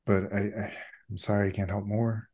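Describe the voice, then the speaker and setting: A man narrating a tabletop role-playing game as game master, in a measured, deliberate way. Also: fairly low pitch, level tone, dark tone.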